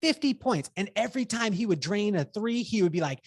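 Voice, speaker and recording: A business coach in his forties from Southern California guests on a podcast, telling energetic stories, laughing often, swearing casually and acting out quotes. His high voice is animated and fairly quick, captured in a dry, studio-quality recording.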